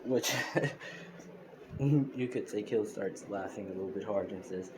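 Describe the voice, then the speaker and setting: Captured on a phone screen recorder with lots of noise, a man with a lowish voice speaks slowly. He's loosely retelling a fan-made story, full of fillers and false starts.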